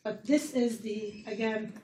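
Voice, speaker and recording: A woman's voice: on the high side, steady tone, measured pace, mellow. Woman lecturing in an echoey hall. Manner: earnest, repeats words while explaining. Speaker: university public health lecturer. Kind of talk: classroom lecture. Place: classroom. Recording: roomy lecture hall from far off with faint noise.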